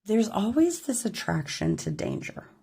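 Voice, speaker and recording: A woman's voice: mid-range voice, very animated, measured pace, gravelly, mellow, slightly rough. A woman giving a casual tarot reading to her camera, chatty and rambling, apologizing when she gets tongue-tied. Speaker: tarot reader. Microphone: camera mic.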